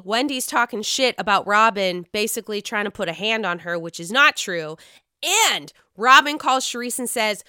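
A woman talks in a relaxed, chatty way, swearing often and telling things with animated energy. Her voice is bright and sharp with a clean, smooth tone. The recording is dry and close, with no room sound. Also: mid-range voice, dry recording. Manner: chatty, profane, animated retelling. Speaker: podcast host recapping reality TV. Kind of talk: casual chat.

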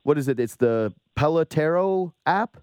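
A Canadian man hosting a casual sports talk show, ranting with incredulous, animated asides. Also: fairly high pitch, moderate pace, clean tone, dry recording, studio quality. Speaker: podcast host.

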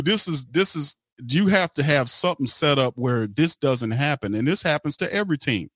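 A man's voice: a little high, animated, moderate pace, hardly any pauses, a bit bright, no room sound. A middle-aged man hosting a sports podcast, ranting bluntly and heatedly, swearing and repeating himself. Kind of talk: opinionated sports talk.

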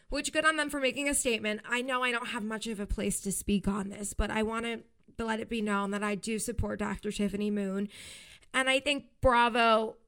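A woman's voice: mid-range voice, gravelly, a bit bright. A woman hosting her own podcast, talking casually and emphatically about reality TV news. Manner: chatty, emphatic and heartfelt. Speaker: podcast host. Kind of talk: casual solo podcast commentary.

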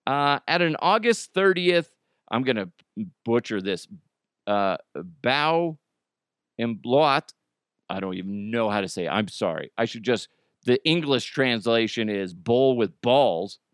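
A man hosting a podcast, talking loosely and jokily with lots of lift and drop in his pitch. He drifts in and out of goofy put-on voices. The sound is dry and close. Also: a little slow, smooth, no echo. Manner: joking, animated, puts on silly voices. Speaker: podcast host. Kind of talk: casual comedic chat.

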